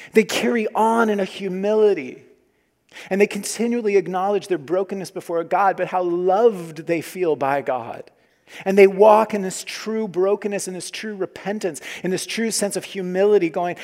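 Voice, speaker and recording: A man in his forties preaching a sermon as pastor, earnest, moving between loud emphasis and quiet hushed asides. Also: high voice, normal speed. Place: church sanctuary. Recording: long hall reverb.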